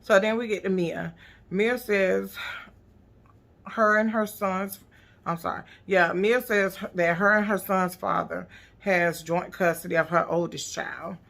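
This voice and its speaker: A woman's voice: mid-range voice, steady tone, a little slow, vocal fry, fairly bright tone. A woman recapping a reality TV episode in blunt, profane, sassy casual commentary. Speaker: TV recap vlogger.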